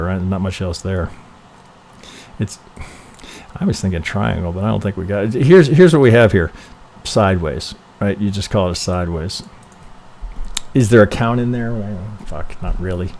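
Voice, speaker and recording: A man's voice: lowish voice, unhurried, gravelly, pauses often, a little mellow, slight background noise. A man reviewing trading charts on a live stream, thinking aloud casually, swearing freely and checking in with "right?" after nearly every point.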